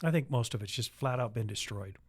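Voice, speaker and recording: A man's voice: medium pitch, animated, brisk, slightly rough. Earnest man co-hosting a podcast. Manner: earnest, opinionated. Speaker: podcast co-host. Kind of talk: casual political chat.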